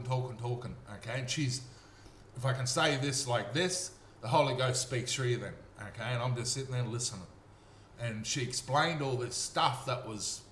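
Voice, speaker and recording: An Australian man tells a rambling personal story in an earnest, repetitive way, often pausing to check in with his listener. His voice sits at an ordinary middle pitch. The recording has a roomy echo and a faint hiss behind him. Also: fairly bright tone.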